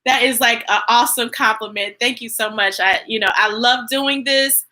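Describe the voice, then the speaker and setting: A woman hosting a live storytime, talking to kids and viewers in a playful, animated way and laughing easily. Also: a little high, normal speed, rough recording. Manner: animated and playful, talks to children and reads chat messages; laughs easily and gets emotional. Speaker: children's storytime host. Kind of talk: live read-aloud storytime chat.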